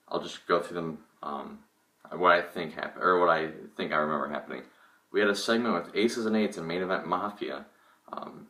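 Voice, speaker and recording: A man's voice: deep voice, pushed and bright, far from the mic. A young man casually reviewing a wrestling show, opinionated and rambling, with lots of fillers and restarts. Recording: echoey room, voice from off the mic.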